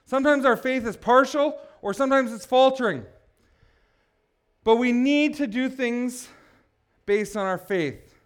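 A man preaching a sermon, building to passionate shouts and breaking off for joking asides. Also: extremely high pitch, a little slow, pauses often, clean tone. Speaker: pastor.

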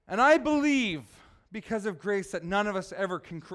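A man's voice: sits high, expressive, moderate pace, a bit bright. A man preaching a sermon in church, emphatic and often asking the congregation questions. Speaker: pastor.

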